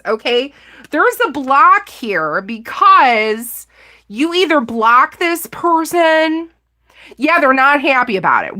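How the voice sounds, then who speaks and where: A woman's voice: high-pitched, bright, forceful tone. A woman giving a casual live tarot reading, chatty and giggly, exclaiming often as she talks. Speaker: tarot reader.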